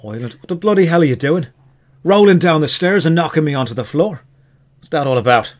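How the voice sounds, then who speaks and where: A man's voice: on the high side, expressive, fairly quick, natural voice. A man voicing a frail, shifty white-haired male elf with an Irish manner, pushy and impatient. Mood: indignant.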